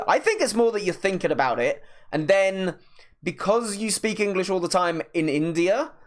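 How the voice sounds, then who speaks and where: A male art streamer chats as he paints, talking slowly with deliberate pauses between thoughts. He rambles a bit, with plenty of restarts mid-sentence. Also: on the high side. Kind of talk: casual chat while painting on stream.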